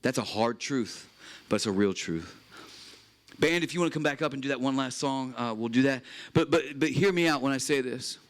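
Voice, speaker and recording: A man's voice: mid-range voice, moderate pace. Earnest man preaching a sermon. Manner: earnest, emphatic preaching with repeated phrases. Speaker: pastor. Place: chapel at a retreat.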